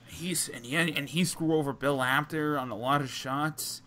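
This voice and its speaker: A man's voice: a little high, moderate pace, sharp tone, slight background noise. A man with a New Jersey accent telling wrestling-business stories in a loose, rambling way, full of fillers and restarts. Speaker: podcast co-host. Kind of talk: casual storytelling chat.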